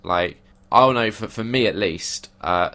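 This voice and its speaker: Male podcast co-host, lowish voice, easygoing and opinionated. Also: measured pace, sharp tone. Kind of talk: casual film discussion.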